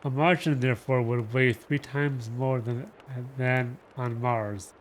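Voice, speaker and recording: A man reading a novel aloud on a livestream, dramatic and slow with shifting emphasis. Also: mid-range voice, steady tone, slight background noise. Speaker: reader.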